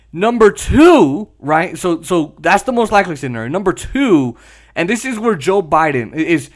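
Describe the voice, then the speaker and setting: Animated man ranting political commentary. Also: on the high side. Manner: animated, ranting, swears and laughs at himself. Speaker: podcast host.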